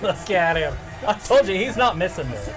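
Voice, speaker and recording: Brief: male co-host, joking and teasing, relaxed banter, broadcast music clearly audible behind. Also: high voice, normal speed. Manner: joking, teasing, crude humor. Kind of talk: casual live-stream chat.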